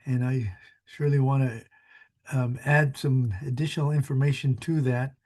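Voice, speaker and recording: A man's voice: mid-range voice, steady tone, normal speed, a little mellow. A man in his sixties, a small business advisor, giving a friendly, rambling webinar presentation with many fillers.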